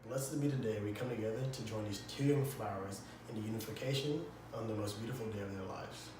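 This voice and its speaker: A man's voice: lowish voice, fast talker, roomy sound, music in the background, close to an everyday voice, rough recording. A man playing a friar who officiates a wedding and recites solemn verse. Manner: solemn recitation, then joking.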